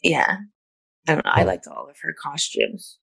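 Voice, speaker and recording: A woman's voice: deep voice, wildly swooping pitch, moderate pace, creaky, a bit bright, breathy edge. A middle-aged woman co-hosting a podcast, recapping episodes step by step in a casual chat with frequent "you know" fillers. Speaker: podcast co-host.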